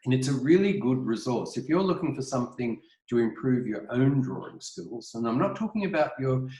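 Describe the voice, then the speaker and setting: An Australian art educator gives a casual webinar presentation from his home kitchen, rambling, apologetic, and full of ums and restarts. He sounds sing-song and fairly quick, with a mid-range voice and dark tone. The computer mic picks up the kitchen's echo.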